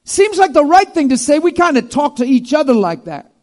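A male preacher giving a sermon in an animated, emphatic way, swinging between loud and hushed. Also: very high voice, fairly quick.

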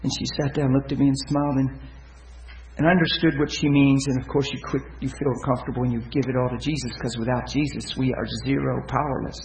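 A man preaching, telling stories to his listeners, swinging from loud excitement to hushed tenderness. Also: medium pitch, quick pace, echoey room, slight background noise, rough recording. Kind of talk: sermon storytelling.

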